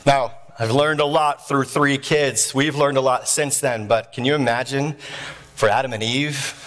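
A man's voice: medium pitch, normal speed, big-room sound. A man in his thirties telling a humorous story in a sermon, acting out the voices of the people in it. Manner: animated storyteller acting out voices, with shouts and laughs.

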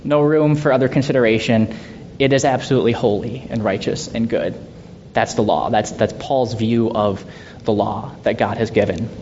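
A man leading a Bible study in a conversational way, asking rhetorical questions and laughing softly now and then. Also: normal speed. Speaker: Bible teacher. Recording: dull lo-fi sound with faint rumble.

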